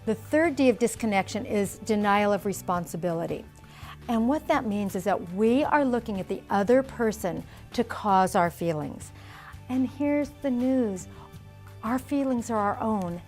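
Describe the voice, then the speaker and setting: A middle-aged woman teaches in a calm, explanatory way, sometimes acting out the phrases people say. Her voice sits at a middle pitch. Faint music plays underneath. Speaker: parenting instructor. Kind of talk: instructional video talk.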